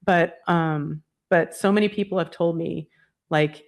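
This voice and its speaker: A woman with a lowish, gravelly voice speaks as a podcast guest. She is frank and chatty, slipping into quoted asides and casual fillers. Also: fairly even intonation, unhurried. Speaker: guest, energy healer and author. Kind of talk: casual conversational interview.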